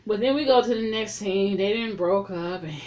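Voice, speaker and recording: A woman talks through the plot of a film in a loose, conversational recap, at a mid pitch for a woman. She tells the story with animated energy, swears freely, and wanders into her own asides. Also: moderate pace. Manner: chatty, profane, animated retelling. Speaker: film reviewer. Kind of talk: casual spoken movie recap.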